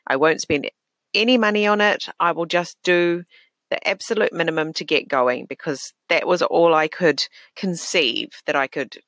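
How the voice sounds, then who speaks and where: Male podcast host, middle-aged, bright voice pitched a bit high, chatty and reflective, dry closet recording. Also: normal speed, no room sound. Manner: chatty and reflective, many fillers and self-corrections, laughs easily. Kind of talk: casual personal monologue. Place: small closet home studio. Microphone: desk podcast microphone.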